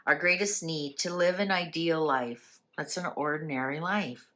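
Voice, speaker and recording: A woman's voice: sits low, moderate pace, pushed and bright. A woman hosting a casual spiritual talk, speaking conversationally and asking many rhetorical questions. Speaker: channel host.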